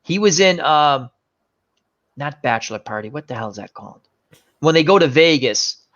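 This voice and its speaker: A man's voice: a little high, lively intonation, normal speed, a bit bright. A man hosting a casual chat show, telling rambling movie stories and often groping for names. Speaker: show host. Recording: dull lo-fi sound.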